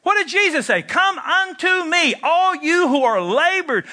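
A man preaching a sermon, animated and jokey, jumping into mock voices and leaping in pitch. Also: a little slow. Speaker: pastor.

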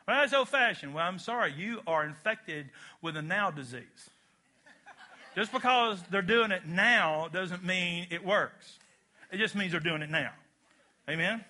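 Bright-voiced middle-aged male preacher. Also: high voice, measured pace. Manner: emphatic preaching with call-and-response to the congregation; jokey, folksy asides. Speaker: pastor. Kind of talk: sermon.

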